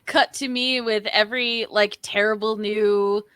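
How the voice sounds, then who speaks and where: A woman's voice: medium pitch, fairly even intonation, unhurried, a bit bright, clean tone, dry recording. An American woman chatting casually and easygoing, laughing often with her co-hosts. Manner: giggly, easygoing. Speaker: artist co-host. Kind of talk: casual chat.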